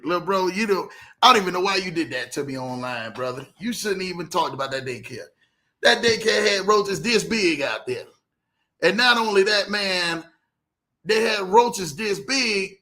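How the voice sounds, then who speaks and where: A man hosting a casual livestream, animated, greeting viewers by name and telling stories in loose slang. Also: high-pitched. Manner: animated, reads out viewer comments, Southern US slang. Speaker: livestream host.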